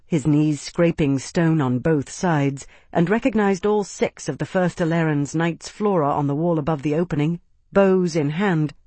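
Audiobook narrator, steady even delivery, mid-pitched voice, dry close sound with no room. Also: no room sound. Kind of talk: scripted narration.

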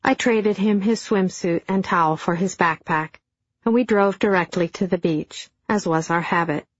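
A middle-aged woman narrating an audiobook in a dry, deadpan storytelling manner. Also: lowish voice, normal speed, slightly rough, dry recording. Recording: dull, dry studio sound.

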